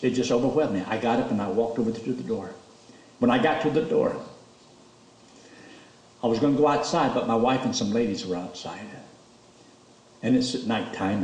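Male preacher, lively storyteller, roomy church sound from a distance. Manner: storytelling, animated, rises high when emotional. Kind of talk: sermon testimony.

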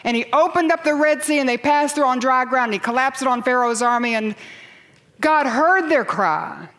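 A woman preaching a sermon to a congregation in church, building to loud cries and dropping to near whispers. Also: high-pitched, lively intonation, normal speed.

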